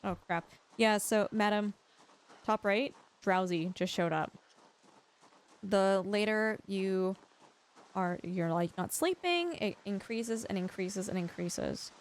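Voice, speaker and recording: A woman's voice: medium pitch, lively intonation, slow pace. A young woman streaming a survival game live, chatting through her play and greeting viewers by name.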